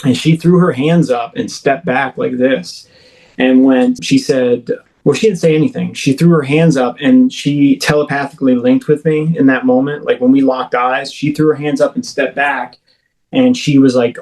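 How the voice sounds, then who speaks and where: A man's voice: medium pitch, steady tone, moderate pace, darkish tone, low-quality recording. A man who is a podcast guest, telling a personal encounter story in a casual, rambling way, full of "like" and "you know" and restarting sentences midway. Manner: self-correcting, restarts mid-sentence.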